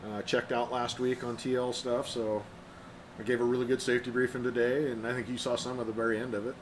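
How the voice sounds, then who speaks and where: A man's voice: medium pitch, little pitch movement, quick pace, low-quality recording. A young man, a river guide, in a joking casual chat. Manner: joking, gets loud and playful. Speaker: podcast co-host, river guide. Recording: faint room noise.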